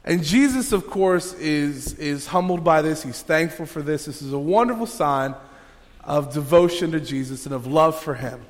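A man's voice: a little high, expressive, normal speed. A male pastor preaching a sermon in a conversational way, with many fillers and restarts. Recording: long hall reverb.

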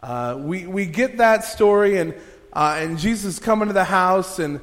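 A pastor delivers a sermon with a somewhat high-pitched male voice, talking in a loose, conversational way full of fillers and restarts. His voice rings with a long reverb, as if filling a church sanctuary. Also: lively intonation, normal speed, fairly bright tone.

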